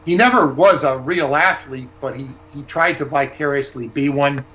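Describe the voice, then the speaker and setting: A man's voice: mid-range voice, moderate pace, sharp tone, lo-fi sound. A man talking as a guest author, telling rambling, digressive anecdotes in casual chat.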